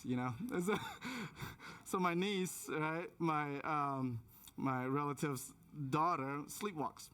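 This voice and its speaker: A man in his thirties delivers a sermon in a church, weaving in a personal story. His voice sits a little high, and he often restarts phrases and drops to a hushed tone when building suspense. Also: measured pace. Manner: many restarts and repeated words. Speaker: pastor. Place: church auditorium.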